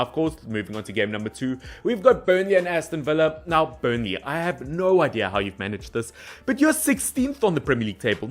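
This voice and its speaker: A young man talking through football predictions in a casual solo vlog, animated, and speaking straight to the teams as he goes. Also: medium pitch. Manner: animated, addresses teams directly.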